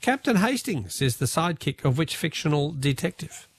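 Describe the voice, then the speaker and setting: An Australian man hosts a radio quiz, bantering jovially with callers. His voice leaps around with a gravelly edge to it, and sits close and dry on a studio mic. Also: on the high side, big pitch swings, no room sound. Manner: jovial, quick-talking, chuckling.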